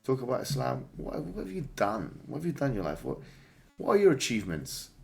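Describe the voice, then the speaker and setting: A man's voice: mid-range voice, very animated, fairly quick, creaky, darkish tone, soft background music. A man ranting on a livestream, taunting and mocking with frequent laughs. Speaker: stream guest. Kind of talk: heated livestream rant.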